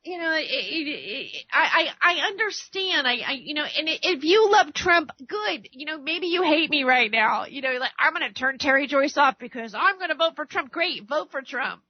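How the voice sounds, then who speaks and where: High-voiced woman ranting on radio. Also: expressive, normal speed, few pauses, no echo. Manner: rambling, stammering, heated; acts out arguments by quoting others. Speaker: radio talk show host. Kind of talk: political rant monologue. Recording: dry, dull lo-fi radio recording.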